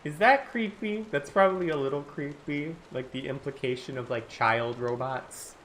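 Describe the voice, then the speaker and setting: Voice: medium pitch, expressive, normal speed, a bit bright, a little hiss or hum. A streamer thinking aloud during a casual writing stream, talking in loose, rambling sentences full of "like" and restarts. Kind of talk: casual live-stream chat while writing.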